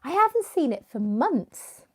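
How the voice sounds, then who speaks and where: A woman's voice: sits high, sing-song, unhurried. A young woman, chatting casually on a live stream, rambling and answering viewers by name, with a runny nose. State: runny nose, clearing her throat. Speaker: YouTuber hosting a live stream.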